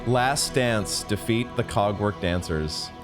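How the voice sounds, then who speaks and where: A young man giving emotional live commentary on a video game, exclaiming often and reading game text aloud slowly. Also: fairly low pitch. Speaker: let's play gamer. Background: game music.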